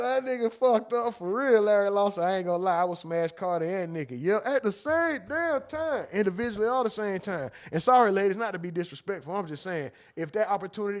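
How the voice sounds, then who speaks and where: A man hosting a livestream, reading the chat and riffing crudely, with loose joking talk and frequent laughter at his own slips. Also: high voice. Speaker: livestream host.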